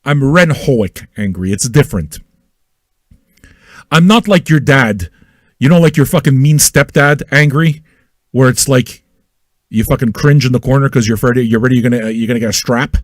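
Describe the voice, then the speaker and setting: On his independent online radio show, a man with a medium-pitched voice rants crudely at normal speed, addressing listeners directly and asking them the same questions over and over. He's loud and manic, yelling and repeating himself, captured in studio quality with no echo.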